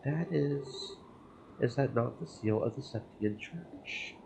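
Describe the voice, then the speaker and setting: A man's voice: medium pitch, slow pace, creaky, darkish tone, a little hiss or hum. A man voicing a spirited, blunt young woman fighter who answers skeptically. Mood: unsure. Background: game music.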